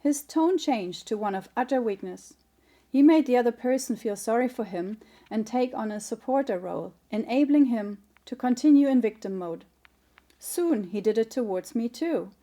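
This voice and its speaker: Author-narrator, middle-aged woman, mellow and slightly high, calm measured audiobook read. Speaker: author reading her memoir.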